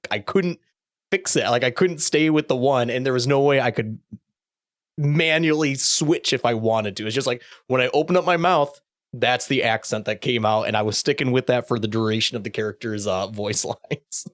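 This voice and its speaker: A man hosting a casual chat show, recorded dry and close with no room sound. His voice sits at an ordinary pitch, and he talks in a halting way, often stopping to restart his sentences. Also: no echo. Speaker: host.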